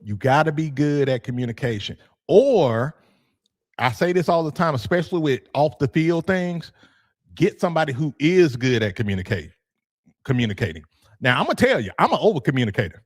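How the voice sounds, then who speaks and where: A man hosting a youth football podcast, talking casually in an animated, joking way, laughing often and swearing freely. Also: fairly high pitch, brisk. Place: room with his degree on the wall.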